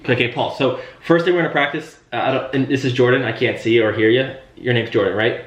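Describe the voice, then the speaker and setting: A man's voice: medium pitch, fast talker, echoey room. A man teaching insurance agents how to open sales calls in a live video-call training, coaching them and acting out friendly call lines.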